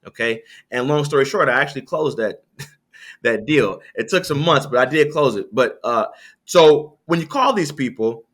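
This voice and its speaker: A man being interviewed as a sales coach, talking in a conversational coaching way, animated, with frequent restarts. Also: moderate pace. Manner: animated, lively pitch swings, frequent restarts. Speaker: guest, sales coach and author.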